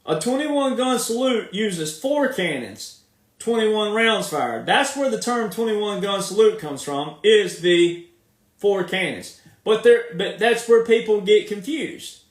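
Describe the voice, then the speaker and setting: A man's voice: high voice, lively intonation, takes it slowly. A man with a Southern accent giving an emphatic, repetitive monologue, drawing his words out as he makes his points. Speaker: commentator. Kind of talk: casual monologue. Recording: echoey room, speaking from off the mic.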